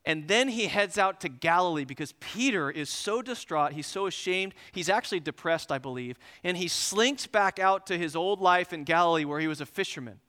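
A man preaching a sermon, telling a lively personal story and acting out both sides of the conversation before turning to scripture. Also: high voice, normal speed, hardly any pauses. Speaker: pastor.

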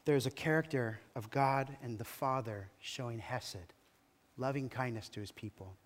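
A man's voice: medium pitch, moderate pace, in a large hall. A male pastor preaching a sermon in a church, telling the story emphatically with dramatic rises and falls. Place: church hall.

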